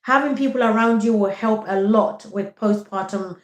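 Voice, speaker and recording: A woman's voice: medium pitch, moderate pace. Reassuring woman in an echoey room. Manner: reassuring, repeats "okay?" often. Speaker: vlogger giving postpartum advice. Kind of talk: direct-to-camera advice talk.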